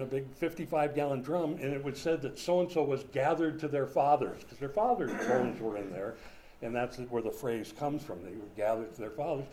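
A man's voice: medium pitch, warm tone, a little hiss or hum. An older man preaching a sermon in a conversational, folksy way, with chatty asides and small jokes. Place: room with a whiteboard.

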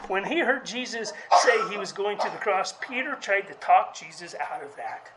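Preacher giving a halting, chatty sermon. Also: animated, very noisy. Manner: conversational, halting delivery with frequent restarts; acts out quoted speech with raised pitch.

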